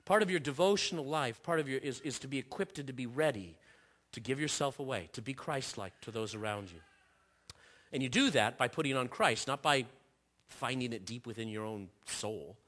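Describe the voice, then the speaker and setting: A man preaching a sermon in earnest, repeating phrases and restarting himself, dropping softer when he quotes. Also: mid-range voice, normal speed. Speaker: pastor.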